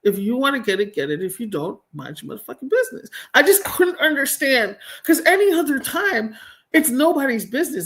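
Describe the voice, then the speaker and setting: A woman hosting a livestream, ranting in a blunt, profane, exasperated way. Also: fairly high pitch. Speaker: livestream host. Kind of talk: casual ranting commentary.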